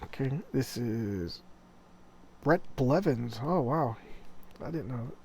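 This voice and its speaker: A man's voice: mid-range voice, expressive, slow, a little mellow, a little hiss or hum. A man casually reviewing old horror comics, retelling the stories with enthusiasm and a rambling, chatty manner. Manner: enthusiastic, rambling, acts out quoted lines in passing. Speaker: comic book video host.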